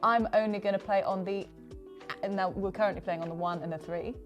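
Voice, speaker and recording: A woman's voice: mid-range voice, fairly even intonation, fairly quick, muffled recording, faint music behind. Woman teaching drums, counting beats aloud. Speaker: drum teacher. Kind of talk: casual one-on-one lesson.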